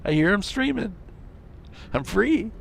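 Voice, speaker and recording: Gravelly-voiced joking gamer man. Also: sits high, animated, a little slow, a little hiss or hum. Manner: joking, teasing. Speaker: fellow player. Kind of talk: casual voice chat while gaming.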